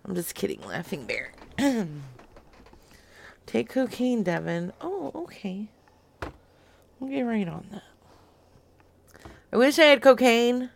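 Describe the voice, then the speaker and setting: Slow-talking giggly woman prank caller. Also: on the high side, sing-song, vocal fry. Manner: giggly, teasing, laughs often. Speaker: prank call host. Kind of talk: casual prank call chat.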